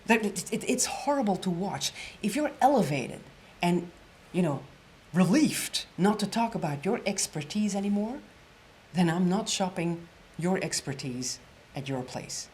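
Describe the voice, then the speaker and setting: A woman presentation coach giving an energetic storytelling workshop lecture, repeating phrases and dropping to an emphatic whisper on key points. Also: fairly low pitch, measured pace, slight background noise.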